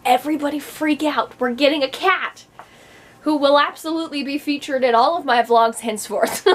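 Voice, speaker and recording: Young woman rambling to her vlog camera, lots of ums and giggles, kinda high pitched. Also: a bit bright, poor audio. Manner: rambling, chatty, laughs often, many fillers. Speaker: vlogger. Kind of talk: casual chat to camera.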